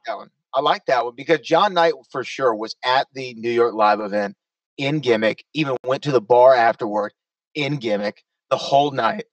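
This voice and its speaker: A man hosting a casual panel chat, talkative and quick to laugh. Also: mid-range voice, no echo, far from the mic, rough recording. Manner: chatty, laughs often. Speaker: host.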